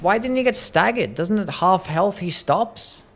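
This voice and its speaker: A man's voice: high voice, animated, measured pace, fairly bright tone, soft background music. A man streaming a video game at his home desk, giving casual commentary in a grumbling, self-pitying way, repeating his complaints and swearing. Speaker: live streamer playing a game.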